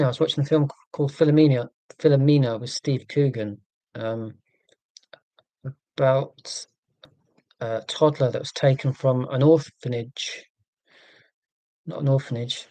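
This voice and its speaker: A man's voice: medium pitch, steady tone, unhurried, pauses often, mellow, dry recording. A man from England hosting a live stream, chatting in a rambling, self-deprecating, joking way. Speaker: livestream host.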